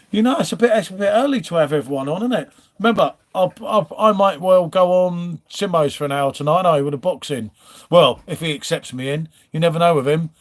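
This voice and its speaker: Chatty british man hosting a stream. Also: high voice. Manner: chatty, reads viewer names, trails off and restarts. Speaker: live stream host. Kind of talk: casual live-stream chat.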